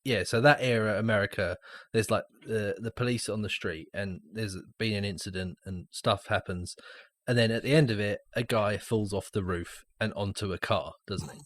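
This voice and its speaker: A man co-hosting a casual film podcast, animated and quick to laugh. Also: on the low side, no echo. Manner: animated, laughs often while telling. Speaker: podcast co-host. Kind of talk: casual film-review chat.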